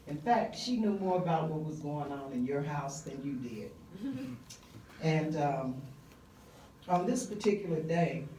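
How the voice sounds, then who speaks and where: A middle-aged woman telling a personal story live on stage, vivid and conversational with frequent pauses and fillers. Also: deep voice, warm tone, echoey room, recorded from a distance, slight background noise, low-quality recording.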